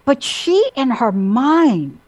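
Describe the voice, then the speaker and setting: A woman hosting a talk show, chatting casually and telling animated stories with acted-out quotes. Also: high-pitched, slow, dry recording, low-quality recording. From Italian heritage. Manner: animated storytelling, acting out quotes. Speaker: host. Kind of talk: casual chat.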